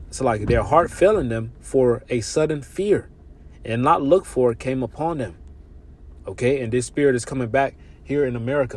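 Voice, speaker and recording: A man's voice: mid-range voice, a little mellow. Man preaching casually over scripture reading. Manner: loose slangy preaching, reads verses haltingly, laughs and gets fired up. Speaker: religious teacher.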